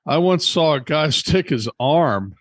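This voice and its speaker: A man with a somewhat high voice co-hosts a casual chat. He tells his stories in an easygoing way. The recording is dry. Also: animated, unhurried, dry recording. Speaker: podcast co-host.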